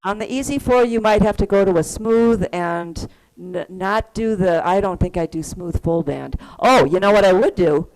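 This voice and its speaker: Teaching keyboard online through her computer's video-call mic, a woman patiently walks students through rhythm and counts the beats aloud. Her medium-pitched voice is a little mellow, at a moderate pace with few pauses.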